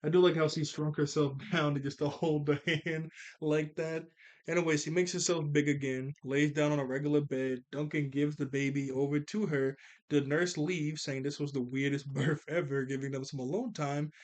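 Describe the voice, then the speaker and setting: Male cartoon reviewer, casual recap, chatty and quick to laugh. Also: fairly high pitch. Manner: chatty, laughs often, quick character quotes.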